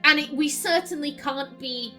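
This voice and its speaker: High-voiced woman narrating her gameplay. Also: moderate pace, pushed and bright, soft background music. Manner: chatty, musing aloud, reading dialogue options. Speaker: let's play host. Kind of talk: gameplay commentary.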